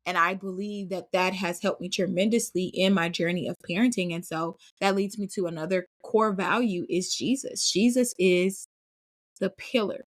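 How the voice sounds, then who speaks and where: A woman's voice: lowish voice, fairly even intonation, moderate pace. A woman in her thirties hosting a solo podcast, speaking earnestly and with emphasis, often addressing her listeners as y'all. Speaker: podcast host. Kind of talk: casual solo podcast talk.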